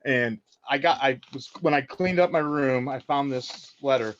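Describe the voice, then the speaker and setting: A man's voice: mid-range voice, moderate pace, muffled recording, slight background noise. Middle-aged storytelling man from Indiana. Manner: animated storyteller, acts out quotes. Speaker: podcast guest. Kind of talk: casual chat.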